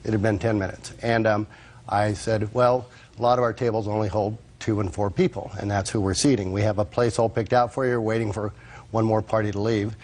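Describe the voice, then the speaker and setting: A man with a fairly low voice testifies as a witness in a courtroom. He lays out what happened at his restaurant matter-of-factly, though he hesitates often with fillers. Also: little pitch movement, brisk, darkish tone. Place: courtroom set.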